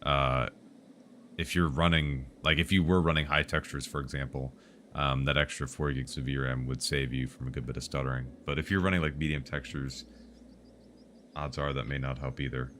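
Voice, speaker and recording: A man's voice: a bass voice, steady tone, normal speed, fairly bright tone, a little hiss or hum. A man streaming live, chatting casually about tech and answering viewers' questions in a rambling, joking way.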